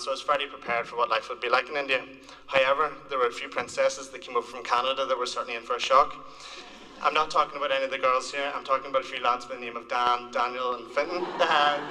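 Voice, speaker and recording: A man's voice: mid-range voice, bright, forceful tone. A young man from Northern Ireland giving an earnest, lightly joking graduation speech at a podium in a large hall. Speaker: graduating student speaker. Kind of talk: ceremony speech. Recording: reverberant hall.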